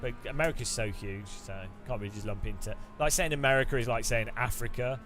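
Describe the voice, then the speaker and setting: A man's voice: mid-range voice, quick pace. Give me a joking, rambling British man streaming a racing game, faint music underneath. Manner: rambling, joking, self-interrupting. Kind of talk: casual live-stream chat.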